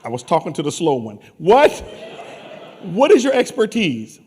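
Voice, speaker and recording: A lively man hosts a conference from the stage. His voice sits high and swings widely as he ribs the crowd with quick, teasing jokes. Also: slight background noise. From New Orleans. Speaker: conference host. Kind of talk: playful stage banter with audience.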